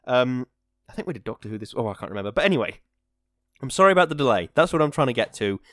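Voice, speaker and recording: A man's voice: mid-range voice, very fast, no echo, studio quality. A young man hosting a podcast, rambling casually and self-deprecating, then reading a story aloud. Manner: chatty and self-deprecating, with bursts of excitement. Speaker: podcast host.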